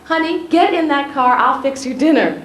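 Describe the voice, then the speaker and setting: A woman's voice: high-pitched, lively intonation, normal speed, fairly bright tone, voice pushed up. A woman voicing an insistent, motherly older woman author who coaxes the listener as "honey" and "child.". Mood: coaxing, insistent. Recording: echoey room, faint ambient noise.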